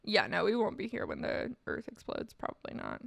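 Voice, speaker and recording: A woman from California, a streamer doing live stream commentary, reading aloud and reacting in a casual, wry way that breaks into quick laughs. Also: medium pitch, huge pitch swings, vocal fry, dry recording.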